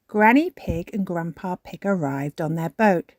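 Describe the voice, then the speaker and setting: A woman reads a children's storybook aloud at an unhurried pace. Her pitch lilts and swoops expressively, and the sound is close and dry. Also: dry recording. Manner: slow, expressive reading.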